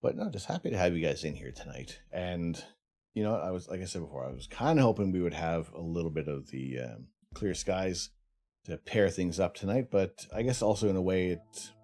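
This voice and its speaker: A man's voice: low-pitched, animated, fairly quick, dark tone. A man from Canada hosting a casual charity livestream, chatty and teasing, laughing often. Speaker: stream host.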